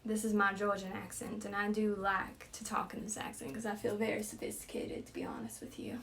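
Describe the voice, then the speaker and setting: A woman's voice: mid-range voice, flat delivery, fairly quick, fairly bright tone, recorded from a distance, a little hiss or hum, lightly acted. A woman voicing a sophisticated old-time Southern belle from Georgia, with a languid, genteel drawl.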